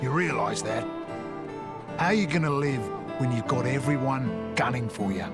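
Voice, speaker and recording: An actor playing a blunt, world-weary middle-aged mercenary captain in a video game, with a broad, exaggerated Australian accent and a rough drawl. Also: male voice, mid-range voice, moderate pace, close to an everyday voice. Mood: gruff. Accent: broad exaggerated Australian (Bogan). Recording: game audio with music behind.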